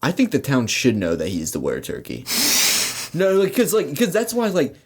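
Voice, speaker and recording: Lively man rambling with fillers. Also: on the high side, normal speed, slightly rough. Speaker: podcast co-host. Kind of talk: casual brainstorming chat.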